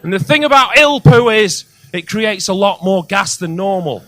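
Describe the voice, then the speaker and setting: A male comedian doing a crude stand-up set on a comedy club stage, with loud outbursts on the punchlines. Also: high-pitched, lively intonation, normal speed, no echo.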